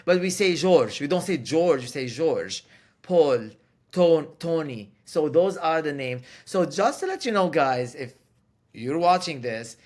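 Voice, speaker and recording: A man from Lebanon with a Lebanese accent, chatting as a guest on a podcast. His voice sits fairly high for a man, and he tells stories in a lively way, often breaking off and restarting his sentences. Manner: animated storyteller, many restarts. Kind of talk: casual conversation.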